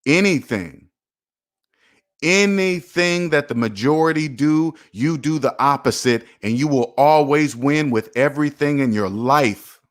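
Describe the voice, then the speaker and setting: A man's voice: fairly high pitch, unhurried. A man hosting a personal finance channel, talking straight to viewers in a preachy, repetitive, emphatic way. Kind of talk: motivational livestream talk.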